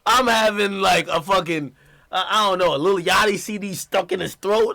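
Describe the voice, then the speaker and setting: A man's voice: high voice, normal speed, vocal fry. A man hosting a casual livestream interview, talking in a loose, slangy, swearing way. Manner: animated, slangy, swears freely. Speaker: livestream host.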